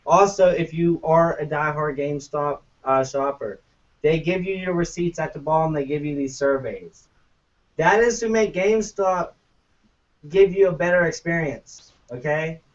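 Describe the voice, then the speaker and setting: A man's voice: a little high, normal speed. A man co-hosting a gaming podcast, ranting casually and profanely. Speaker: podcast co-host. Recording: muffled lo-fi, distant from mic.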